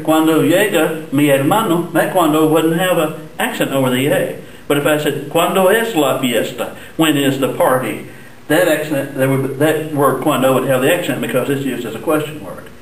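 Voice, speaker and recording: A man teaching a Spanish lesson at the board, explaining patiently step by step and slowing down for examples. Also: fairly high pitch, distant mic. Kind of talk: classroom lesson at a whiteboard. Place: classroom. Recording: echoey room, voice off-mic.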